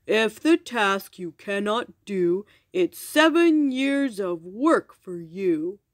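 A woman voicing a boastful male giant in a storybook reading, speaking slowly and mockingly. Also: lively intonation, dry recording, clean studio sound. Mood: gloating. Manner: slow, booming, mocking.

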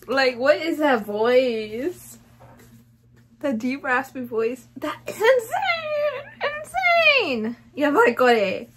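A young woman hosting a music video reaction, gushing and exclaiming, now and then dropping in Japanese words. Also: on the high side. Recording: faint music behind.

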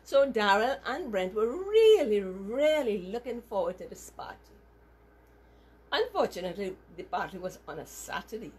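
A woman telling a moral story to children as a teacher, animated and asking them questions as she goes. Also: mid-range voice, husky.

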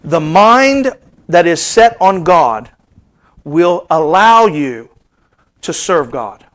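A man in his fifties preaching a sermon, swinging between soft low asides and high, rising emphasis as he reads scripture and tells stories. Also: very animated, takes it slowly. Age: 50s.

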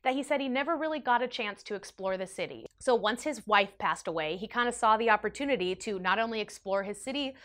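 A young woman vlogger telling a personal story in an animated, emotional way, with big swings in her voice. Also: fairly high pitch, quick pace, few pauses. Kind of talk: storytime vlog.

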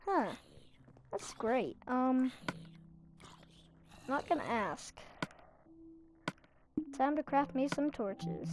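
A woman's voice: sits high, lively intonation, drawn-out words, pauses often, noisy background. A young woman giving rambling, self-mocking commentary while playing a game. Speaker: gaming channel host. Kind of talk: casual Minecraft commentary.

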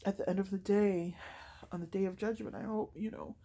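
A woman in her forties sharing a personal faith testimony, earnest and heartfelt, with many fillers and a soft, emotional delivery. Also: mid-range voice, fairly even intonation, brisk.

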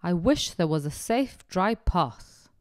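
A woman voicing a stuck dog in a storybook reading, loud and distressed. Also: on the low side, expressive, slow, no room sound, clean studio sound. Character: stuck, howling dog in a bog.

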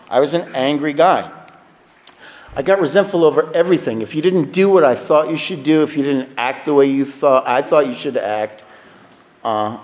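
This man's voice sits on the high side with a darkish tone. At a recovery meeting he gives a personal recovery talk, frank and confessional with wry humor, recorded in a reverberant hall.

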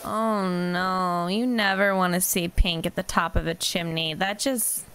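A young woman rambles casually while playing a video game, chatty and self-deprecating as a gaming vlogger. Her fairly low voice is steady, a little slow and fairly bright, with slight background noise.

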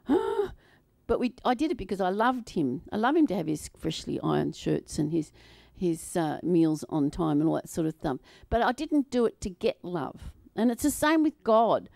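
A woman preaching a sermon to a congregation in an animated, playful way, often laughing and acting out voices. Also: mid-range voice, vocal fry, no room sound. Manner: acts out quoted voices.

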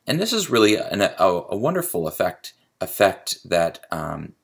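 A man's voice: low-pitched, sing-song, normal speed, gravelly, a bit bright, breathy edge. A man giving a creative writing lecture, explaining poetry step by step and tapping out the meter aloud. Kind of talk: recorded video lecture.

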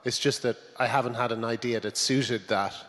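A man from Britain, a guest comedy writer, talking on stage in a halting way with many restarts. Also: medium pitch, steady tone, fairly bright tone. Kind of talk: onstage conversation. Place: conference stage. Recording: long conference-hall reverb.

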